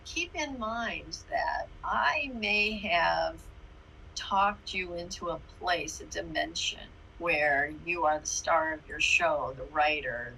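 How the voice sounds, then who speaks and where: A woman leading a guided meditation in a slow, soothing way, then chatting warmly as podcast host. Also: fairly low pitch, gravelly, slight background noise. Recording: music playing behind the voice.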